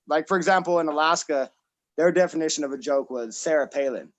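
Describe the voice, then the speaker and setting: Man, mid-thirties, from Colorado, stand-up comic on a video call, rambling and self-deprecating, slightly high voice. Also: a little fast, poor audio. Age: 30s. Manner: rambling, self-deprecating, many fillers and restarts.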